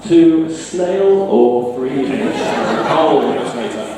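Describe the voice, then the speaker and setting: A man's voice: medium pitch, animated, takes it slowly, recorded from a distance, crowd noise, noisy background. Wry northern man in an echoey bar. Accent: mild northern English. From Northeast England. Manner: wry, self-deprecating, hesitant fillers. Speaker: storytelling speaker. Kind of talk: personal talk to a live audience. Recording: roomy bar sound from afar.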